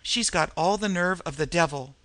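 A man's voice: on the high side, normal speed, a bit bright, no echo, close to an everyday voice. A man voicing an anxious male crook who stammers out his words. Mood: stunned.

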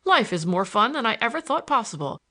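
Woman voicing old man, kindly grandfather, exuberant, lively pitch, audiobook. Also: a little fast. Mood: delighted.

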